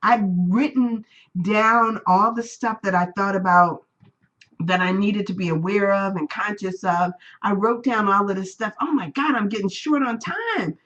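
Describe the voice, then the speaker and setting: Speaking at a measured pace, a woman with a mid-range, somewhat bright voice recounts personal stories during a live-streamed spiritual class, chatting freely and acting out the people she quotes. The highs are cut off in the audio.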